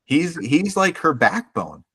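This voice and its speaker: A man co-hosting a podcast in casual chat, animated, acting out characters' lines. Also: fairly high pitch, slow, husky. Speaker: podcast co-host.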